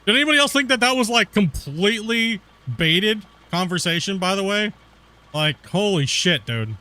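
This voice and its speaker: A young man with a Pacific Northwest accent tinged with West Coast Canadian chats on his gaming stream. His voice sits a little high, and he keeps it loose with plenty of slang and laughter. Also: lively intonation, moderate pace, bright, forceful tone. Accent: Pacific Northwest US, with West Coast Canadian touches. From northern US near the Canadian border. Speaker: game streamer. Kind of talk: casual gaming stream chat.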